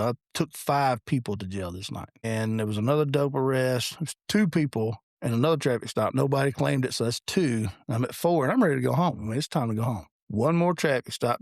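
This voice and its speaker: A man in his forties with a gravelly, creaky voice at a middle pitch tells blunt, profane stories from police work. He speaks in easygoing podcast chat. The sound is close and dry. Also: no echo. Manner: blunt, profane, animated anecdote telling. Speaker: police officer and podcast co-host. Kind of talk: casual storytelling chat.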